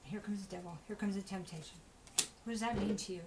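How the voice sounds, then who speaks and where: A woman's voice: medium pitch, quick pace, background noise. A woman giving a casual spoken tarot reading, chatty and rambling, with many asides to the listener and an encouraging tone. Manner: chatty, rambling, full of "you know" asides; encouraging, talks straight to the listener. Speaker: tarot reader.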